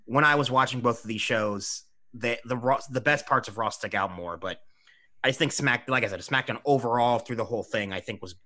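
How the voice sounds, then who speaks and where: Young dude, bright voice, says like a lot, chill chat. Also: male voice, medium pitch, brisk. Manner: hedging, many likes. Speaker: podcast co-host. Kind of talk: casual chat.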